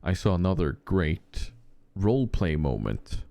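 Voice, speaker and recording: A man's voice: deep voice, big pitch swings, a little slow, gravelly, mellow, no echo. A man chatting casually as a podcast co-host, telling rambling anecdotes full of fillers and restarts. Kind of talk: casual chat.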